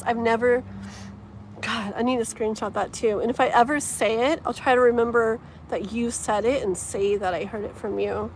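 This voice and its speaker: With slight background noise, wind, and passing traffic around her, a woman with a slightly high voice hosts a tarot livestream outside. She chats casually and reads viewer comments aloud in a gushing, filler-heavy way.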